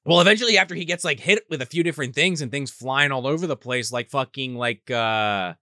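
A woman's voice: a bass voice, brisk, sharp tone, dry recording, studio quality. A woman co-hosting a casual movie recap with wry, profane, sarcastic asides. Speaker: podcast co-host.

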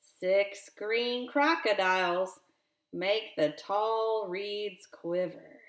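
Slow, expressive woman reading a picture book. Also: mid-range voice. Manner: slow, expressive, with gentle questions to a child. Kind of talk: reading a counting book aloud to a child. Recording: roomy echo.

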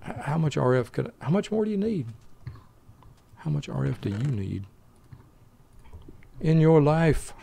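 An older man giving easygoing, slow gameplay commentary meant to help people fall asleep, muttering to himself and bantering with an imagined buddy. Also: mid-range voice, vocal fry, warm tone. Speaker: let's play host.

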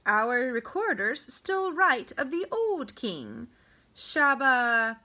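A shrewd, indifferent king speaks in a flat, toneless way, probing his captive slowly, as a woman reads him aloud. Storybook reading, the voice pitched a little higher than the narration. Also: heavily acted. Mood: cool. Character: shrewd, indifferent middle-aged male king.

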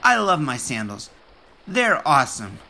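A cheerful young male seagull from a children's storybook, as the reader puts him on. He talks in an excitable, squawky way, with a lively, swooping pitch and a bright tone. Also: measured pace, vocal fry, heavily acted.

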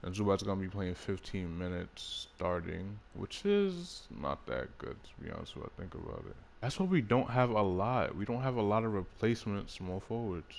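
A young man talks his way through a basketball video game in a loose, casual commentary. His voice sits a little low, drifting between quiet muttering and sudden loud, frustrated outbursts. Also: animated, normal speed, vocal fry, hardly any pauses, a little hiss or hum. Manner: swings from mumbled talk to loud frustrated outbursts. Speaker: gaming YouTuber.

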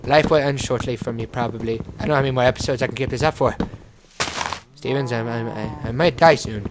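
A man's voice: mid-range voice, fairly even intonation, fast talker. Playful man scolding his game pet. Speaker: let's play host. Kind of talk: gameplay commentary. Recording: clear background noise with clicking.

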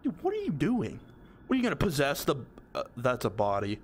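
Jittery young gamer man, pitch all over. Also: wildly swooping pitch, moderate pace, a little hiss or hum. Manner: jumpy, swears, pleads with the game. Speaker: gamer playing a horror game. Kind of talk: nervous let's-play commentary.

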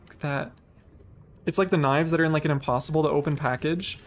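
A man's voice: fairly high pitch, fairly even intonation, quick pace. A young man streaming a game live, chatting and rambling, shrieking and laughing when startled. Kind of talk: live gameplay commentary. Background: faint game music.

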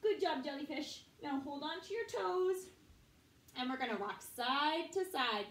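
High-voiced woman leading kids' yoga. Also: animated, measured pace, a bit bright. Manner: cheerful, encouraging, sings short chants. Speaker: children's yoga teacher. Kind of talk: sing-song children's yoga story time. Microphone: online video from a camera at a distance. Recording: echoey room, voice from far off.

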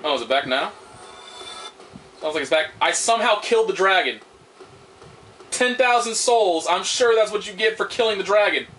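A man's voice: high voice, expressive, moderate pace, pauses often, a bit bright, soft background music. A young man giving casual gameplay commentary, frustrated and swearing as he rambles. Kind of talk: casual let's-play commentary.

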